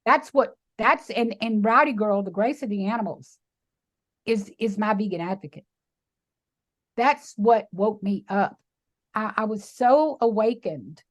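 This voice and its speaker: A middle-aged woman with a Texan accent tells her story in an emphatic, animated way and acts out the voices of the people in it. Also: mid-range voice, a little slow. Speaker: guest, sanctuary founder. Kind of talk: emotional storytelling interview.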